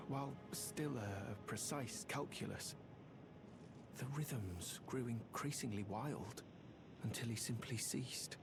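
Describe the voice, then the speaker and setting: A man's voice: mid-range voice, slow pace, vocal fry. An actor playing a devoted young male cleric who frets over his silent master, speaking in earnest, formal game dialogue. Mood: reverent. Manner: earnest, fretful, formal speech. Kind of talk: video game character dialogue. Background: loud game music.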